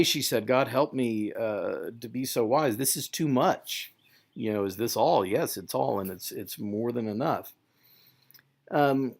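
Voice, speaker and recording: Male lecturer, gravelly voice, middle pitch, chatty and animated, lots of ums. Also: a little slow. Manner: conversational, animated, many fillers and restarts. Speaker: literature lecturer. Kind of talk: classroom lecture with paraphrased readings.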